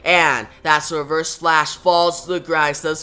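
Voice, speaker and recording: Bright-voiced man recapping a comic. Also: on the high side, flat delivery, unhurried, clean tone, faint music behind. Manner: retells scenes plainly with frequent "now". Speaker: comic book reviewer. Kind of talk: casual recap narration.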